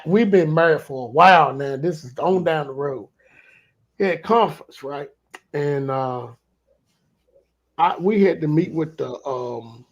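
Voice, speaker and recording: A man, telling a candid, confessional story in casual chat, often trailing off softly. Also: a little high, breathy edge, low-quality recording.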